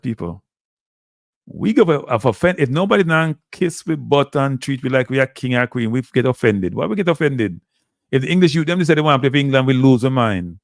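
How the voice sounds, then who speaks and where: A man's voice: mid-range voice, vocal fry, dry recording, clean studio sound. A man hosting a casual live stream, talking animatedly and repeating himself as he calls out to his viewers. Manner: animated, repetitive, addresses viewers as "people". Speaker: livestream host.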